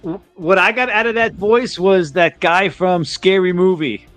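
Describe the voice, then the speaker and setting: A man's voice: sits high, unhurried, a bit bright, no room sound, faint music behind. A man from New Jersey chatting on a livestream, drawling and laughing as he talks. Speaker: livestream guest. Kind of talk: casual chat.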